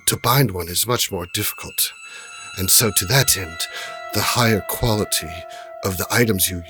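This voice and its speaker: A man voicing a scheming female merchant who talks smoothly and feigns concern. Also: on the low side, sharp tone.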